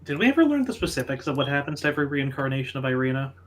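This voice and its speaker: A man's voice: mid-range voice, very animated, racing, a bit bright. A man playing a tabletop game in casual chat, blunt and dry, swearing casually. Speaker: player.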